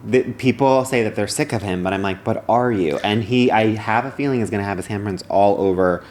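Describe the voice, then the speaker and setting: Low-voiced Chicago man chatting on a podcast. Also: a little fast, a little mellow. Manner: chatty, rambling, drops to a mumble at phrase ends. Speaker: podcast co-host. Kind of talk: casual chat.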